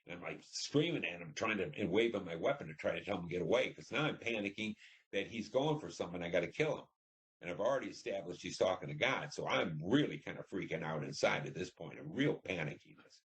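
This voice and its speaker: A man's voice: deep voice, animated, fast. An older man telling a personal war story in an interview, rambling with many "you know"s and acting out what people said. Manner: rambling, frequent "you know", acts out dialogue. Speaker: interviewee, veteran.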